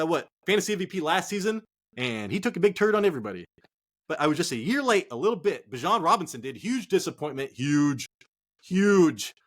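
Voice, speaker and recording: A man hosting a sports podcast, talking in an excitable, casual way, swearing often and calling listeners "dude" and "man". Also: on the high side. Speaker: podcast host.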